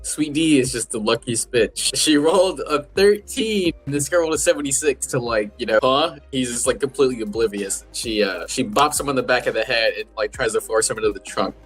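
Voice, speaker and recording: A man's voice: mid-range voice, fairly quick, few pauses, a bit bright, soft background music, low-quality recording. A man running a tabletop role-playing game as game master, narrating casually with swearing. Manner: casual, swearing, voices side characters.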